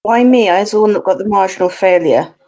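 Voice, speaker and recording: A woman's voice: mid-range voice, fast, dark tone. A woman playing in a tabletop game who asks direct questions. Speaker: player. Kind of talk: casual tabletop play. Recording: crowd noise behind.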